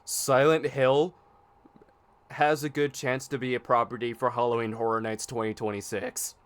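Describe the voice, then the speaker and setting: A man with a smooth, resonant voice co-hosts a casual podcast. He talks eagerly about what he is looking forward to and offers confident predictions, at a mid-range pitch. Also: level tone, normal speed. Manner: enthusiastic, makes predictions, frustrated by tech issues. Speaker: podcast co-host.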